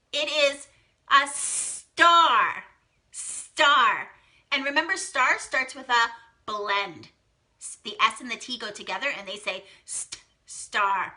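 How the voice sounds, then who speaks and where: A young woman hosting a live phonics lesson for small children, cheerfully reading out their guesses and praising each one. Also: fairly high pitch. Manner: bubbly, encouraging, reads out children's guesses with excited gasps.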